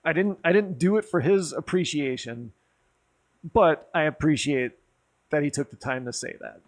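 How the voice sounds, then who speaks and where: A tipsy man on a stream rambles through a profane story over a few drinks, his voice a little high and his pace normal. He gets more animated the more riled up he becomes, keeping it all casual storytelling chat.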